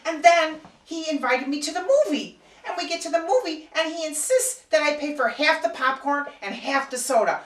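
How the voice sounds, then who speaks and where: A woman's voice: sits high, normal speed, few pauses, close to an everyday voice. An actress playing an elderly widowed mother who sighs and groans through her complaints in a comedy sketch. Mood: exasperated. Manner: sighing, groaning, exasperated storyteller. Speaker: comic character. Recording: echoey room, mic far off.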